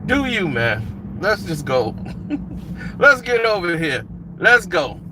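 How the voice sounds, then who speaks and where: A man's voice: high-pitched, big pitch swings, slow. A man telling a casual anecdote in a laid-back, slangy way, chuckling now and then. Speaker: storyteller. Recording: noisy outdoor traffic sound. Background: street and car noise.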